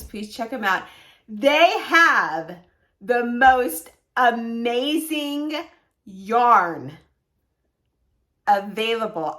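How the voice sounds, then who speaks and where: A crochet vlogger with a mid-range voice chats her way through an excited unboxing. She gushes and repeats words for emphasis.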